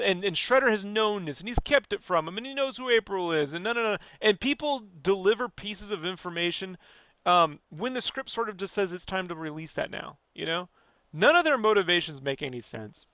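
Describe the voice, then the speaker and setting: A man ranting casually and profanely on a podcast, animated and fired up. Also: sits high, clean tone, no room sound, muffled recording. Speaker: podcast guest.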